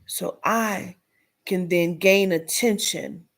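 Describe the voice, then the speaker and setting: A woman's voice: lowish voice, fairly even intonation, slow. A woman giving a blunt, profane commentary rant, dropping into whispers for emphasis. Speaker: commentary vlogger.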